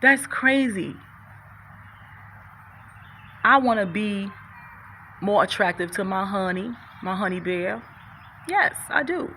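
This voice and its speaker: A woman's voice: mid-range voice, expressive, takes it slowly, pauses often, sharp tone, a little hiss or hum. A middle-aged woman vlogging to her viewers about faith and personal struggle, earnest and preachy, repeating phrases and sometimes fumbling her words. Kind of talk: faith-based personal vlog, talking to viewers.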